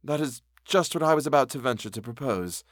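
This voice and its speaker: A man's voice: mid-range voice, animated, a little fast, no room sound, studio quality, lightly acted. A man voicing a dreary, despairing doctor. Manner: dreary, weary sighing. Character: gloomy despairing male doctor.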